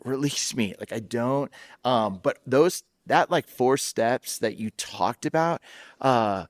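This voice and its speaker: A man in his forties hosting a podcast, speaking in an animated, personal storytelling way in casual conversation. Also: medium pitch, slow, dry recording, clean studio sound. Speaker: podcast host.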